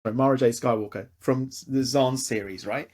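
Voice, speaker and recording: A man's voice: medium pitch, steady tone, fairly quick, a little mellow. A man co-hosting a casual podcast, speaking hesitantly with many fillers. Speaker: podcast co-host.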